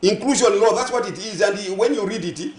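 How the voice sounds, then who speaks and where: On a morning TV talk show, a male guest with a Zambian accent argues his point emphatically, piling up synonyms and asking whether listeners follow him. His voice is high and fairly quick, and the studio sounds roomy.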